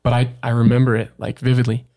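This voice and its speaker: A young man recounts an old experience as a podcast guest. He speaks at an everyday middle pitch, loose and casual, and his sentences keep stopping and restarting around little fillers. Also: monotone, gravelly, warm tone. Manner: halting, full of "like" and restarts. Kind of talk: storytelling in a casual interview.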